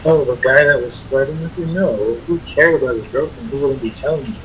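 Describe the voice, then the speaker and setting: A man chatting casually on a voice call, often halting and restarting his sentences. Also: medium pitch, fairly bright tone, slight background noise, poor audio. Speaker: voice chat participant. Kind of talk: casual chat.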